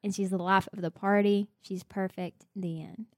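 A woman's voice: medium pitch, fairly even intonation, darkish tone, no room sound, studio quality. A young woman co-hosting a podcast, chatting casually and laughing often while she cuts in. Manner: giggly, quick to interject. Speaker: podcast co-host. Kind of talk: casual chat.

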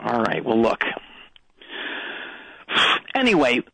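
Guy playing a rambly weird coach calling in, deadpan, bouncy pitch. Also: slow, creaky, no echo, heavily acted, rough recording. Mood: bumbling. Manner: deadpan, rambling, many restarts. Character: rambling middle-aged male sports coach. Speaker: caller. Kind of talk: comedic call-in bit.

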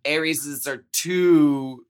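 A woman's voice: low-pitched, steady tone, very slow, clear, resonant tone. A woman hosting a podcast, chatting casually with her guest and laughing often. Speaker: podcast host. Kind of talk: casual interview chat.

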